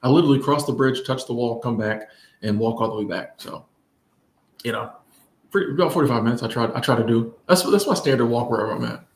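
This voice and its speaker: A man tells a story in a loose, rambling way, with lots of fillers and restarts. His voice sits at an ordinary middle pitch. The room around him echoes noticeably. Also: fast, slight background noise. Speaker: vlogger. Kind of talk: casual storytime chat. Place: in Bangkok.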